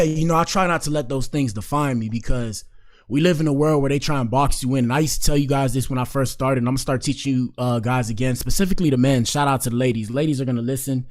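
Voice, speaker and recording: A man hosting a live stream, chatting in a rambling, slangy way with many fillers. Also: medium pitch. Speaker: streamer host. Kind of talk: casual live-stream commentary.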